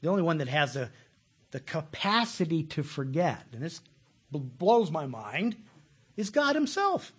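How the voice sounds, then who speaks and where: A man preaching a sermon, animated, repeating words, with sudden loud bursts. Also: fairly high pitch, moderate pace, breathy edge. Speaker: pastor.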